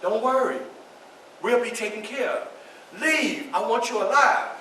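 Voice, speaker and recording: A man doing a soft-spoken pleading wife. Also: sits high, sing-song, unhurried. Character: gentle, steady wife holding a baby. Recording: echoey hall from far off, faint hiss.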